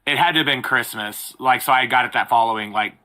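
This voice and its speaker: Very bright-voiced man rambling casually. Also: medium pitch, fast. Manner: loose, rambling. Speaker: guest. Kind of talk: casual chat.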